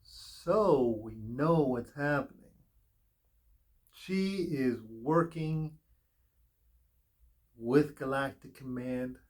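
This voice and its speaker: A man giving a casual spiritual tarot reading, talking slowly with many pauses and fillers. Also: medium pitch. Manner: slow, unhurried, with pauses and fillers. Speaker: tarot reader.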